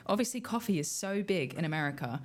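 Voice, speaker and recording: Low-voiced British woman radio host. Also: lively intonation, quick pace. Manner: chatty, lots of ums, light laughs. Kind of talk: casual radio chat.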